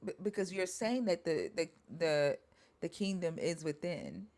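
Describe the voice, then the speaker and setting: A woman's voice: fairly low pitch, animated, unhurried, darkish tone. A woman in a group discussion who challenges the other side with pointed, probing questions. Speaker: discussion participant.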